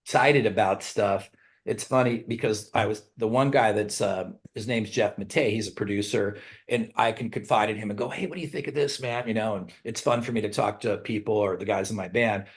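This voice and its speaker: A man's voice: on the low side, moderate pace. A middle-aged man, a rock singer, telling rambling stories in a casual interview, acting out quotes in raised voices and swearing freely. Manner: animated storyteller, acts out quotes in raised voices, laughs often. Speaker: songwriter and band singer, interview guest.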